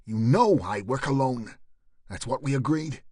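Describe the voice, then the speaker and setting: A man voicing a gruff, hot-tempered male detective inspector who shouts and swears. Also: medium pitch, expressive, measured pace, dry recording, studio quality. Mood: angry. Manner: loud, swearing, angry.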